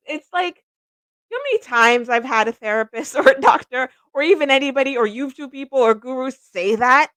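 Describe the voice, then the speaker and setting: A woman's voice: a little high, sharp tone, dry recording. A middle-aged woman hosting a psychic livestream, chatting casually and rambling, laughing at herself often.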